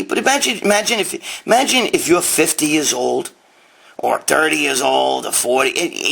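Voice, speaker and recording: Husky New man, a bit high-pitched, blunt and crude, live phone Q&A host. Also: fairly bright tone. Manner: blunt, profane, rambling. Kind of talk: casual live-stream Q&A. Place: dining room at home. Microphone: handheld phone.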